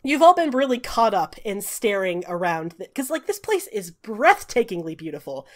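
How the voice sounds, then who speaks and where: A woman running a tabletop game, narrating scenes in a descriptive, unhurried way with frequent hesitations. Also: mid-range voice, big pitch swings. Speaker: game master.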